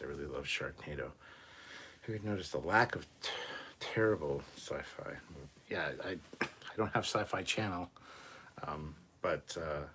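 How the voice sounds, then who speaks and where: Husky, foul-mouthed male livestream host. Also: very deep voice, a bit bright. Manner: profane, rambling, self-mocking. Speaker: livestream host reading chat. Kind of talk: casual livestream chat.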